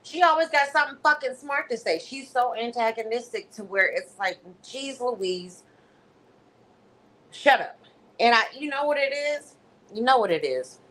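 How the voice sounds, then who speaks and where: A woman host telling a story on a casual livestream, animated and freely profane. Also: on the high side, a little fast, low-quality recording.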